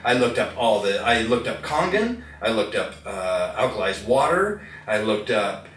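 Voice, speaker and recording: His voice is fairly low and fairly bright, very animated yet moderately paced. In an indoor room with an audience, this man gives a live product demo as a folksy storyteller, telling stories and testing the crowd with questions; the echoey recording comes from a distant mic with faint noise.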